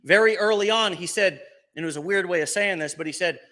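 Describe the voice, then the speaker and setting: A man giving an energetic, joking motivational talk to a live audience at an event, jumping between loud bursts and hushed asides. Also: sits high, fast talker. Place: event venue.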